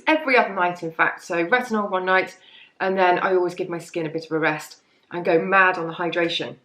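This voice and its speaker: A woman's voice: fairly low pitch, fairly quick, fairly bright tone, roomy sound. A woman casually chatting through her favourite beauty products, rambling and self-deprecating as she goes. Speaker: beauty vlogger.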